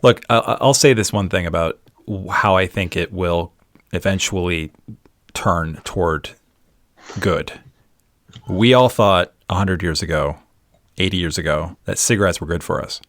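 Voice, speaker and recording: A man's voice: sits low, moderate pace, a bit bright, dry recording, studio quality. A man hosting a podcast, talking candidly and bluntly, with a self-deprecating edge. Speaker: podcast host. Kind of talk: casual podcast discussion.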